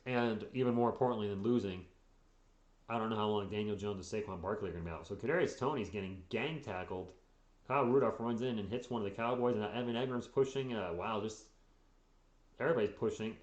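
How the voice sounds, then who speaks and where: A man hosts a casual live sports stream in a rather low voice, sounding tired. He chats loosely about the games and reads out viewers' comments. The room around him is echoey. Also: quick pace, lo-fi sound. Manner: chatty, reacts to games and reads chat aloud. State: tired, yawning.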